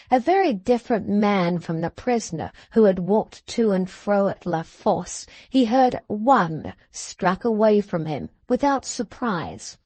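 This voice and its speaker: A woman narrating an audiobook in a measured way, slowing at the end of phrases. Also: mid-range voice, a little mellow, no echo. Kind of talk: scripted narration of a classic novel.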